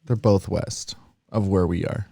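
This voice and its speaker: Brief Male podcast co-host, low mellow voice, dry close sound, rambling explainer. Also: steady tone, a little slow, creaky, no room sound. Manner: rambling, demonstrates accents while explaining. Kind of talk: casual chat.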